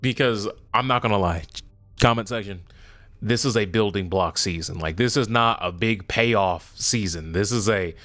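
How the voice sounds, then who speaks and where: A man's voice: lowish voice, normal speed, fairly bright tone. A man co-hosting a podcast, giving emphatic, opinionated takes in casual chat and speaking to the comment section. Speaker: podcast co-host.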